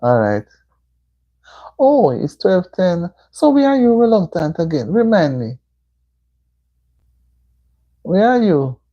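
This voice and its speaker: A woman's voice: on the low side, very animated, slow pace, long pauses, mellow, highs cut off. A Jamaican woman hosting a casual livestream, chatting with viewers and answering their comments with motherly advice. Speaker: livestream host. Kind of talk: casual live-stream chat. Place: indoor room at home.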